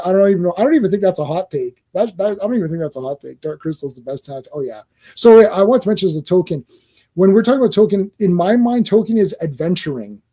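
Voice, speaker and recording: A man's voice: sits high, dark tone. A middle-aged man hosting a casual movie chat, rambling with restarts and laughs, acting out quotes.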